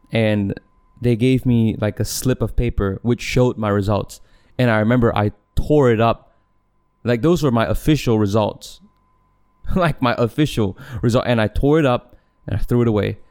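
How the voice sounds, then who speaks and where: A young Malaysian man hosts a casual solo podcast, his voice fairly low, slightly mellow and clean. He rambles, keeps cutting himself off to restart, and laughs a lot, speaking neutral English with a faint Malaysian accent.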